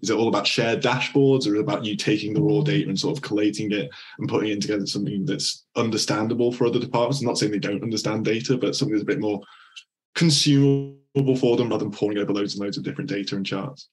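A male podcast host with a lowish voice poses his questions casually. He rambles a little and leans on fillers as he goes. His tone stays loose and conversational. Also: steady tone, quick pace. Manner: loose and chatty, many "like" fillers.

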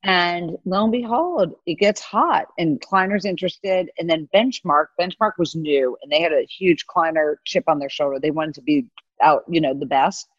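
A woman's voice: on the low side, moderate pace, breathy edge, no echo. Woman telling stories on a dull video call. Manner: animated, quotes people in put-on voices. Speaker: guest, venture capitalist. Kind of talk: casual storytelling interview. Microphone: video call mic.

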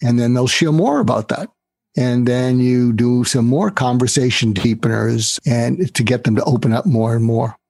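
Husky-voiced man explaining sales tactics. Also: moderate pace, no room sound. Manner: animated, acts out dialogue with raised pitch for quoted lines. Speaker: guest expert on sales and negotiation. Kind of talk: explanatory interview talk.

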